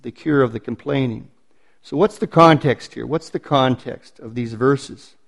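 A man preaching a sermon, building points through emphatic repetition and slowing down on stressed phrases. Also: medium pitch, vocal fry.

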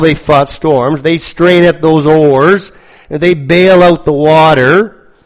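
A man preaching a sermon, telling a story slowly and dramatically, with lots of repetition. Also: on the high side, poor audio.

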